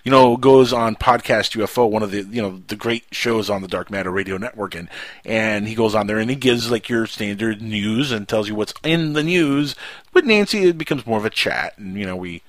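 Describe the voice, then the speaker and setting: A man's voice: fairly low pitch, a little fast, no echo. A man hosting a casual radio talk show, rambling and jokey. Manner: rambling, jokey storyteller who slips into impressions.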